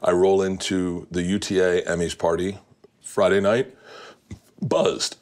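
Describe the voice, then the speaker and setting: A man hosting, telling stories in a casual chat with loud, excited bursts. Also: low-pitched, a little slow. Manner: animated storyteller, gets loud and excited. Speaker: host.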